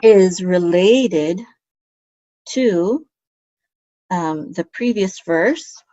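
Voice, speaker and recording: Patient woman teaching, low dry voice. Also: animated, drawn-out words, dark tone, no room sound, muffled recording. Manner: patient, many "okay?" checks and filler ums. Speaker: Hebrew teacher. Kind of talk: explaining grammar step by step.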